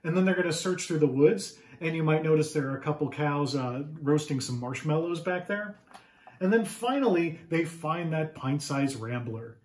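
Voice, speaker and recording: Animated man reading a picture book. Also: on the high side, normal speed, reverberant. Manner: animated, asks the young listeners questions. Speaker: children's author reading his book. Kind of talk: picture book read-aloud for children.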